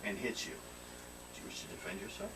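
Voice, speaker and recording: A man's voice: fast, pushed and bright. A man narrating as game master in a tabletop role-playing game, laughing often and telling players to roll dice. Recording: noisy room recording from a distance.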